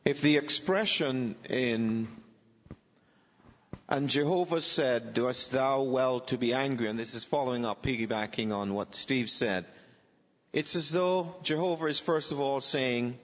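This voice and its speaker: A man reflecting deliberately in a Bible study discussion. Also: medium pitch, a bit bright. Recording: dull recording with long hall reverb.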